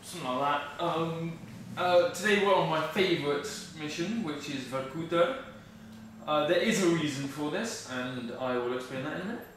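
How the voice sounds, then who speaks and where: A man's voice: on the high side, normal speed, a bit bright, slight background noise. Chatty young man commenting on gameplay. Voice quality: chatty, rambling, self-correcting. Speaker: gaming commentator. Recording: echoey room, far from mic. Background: game music.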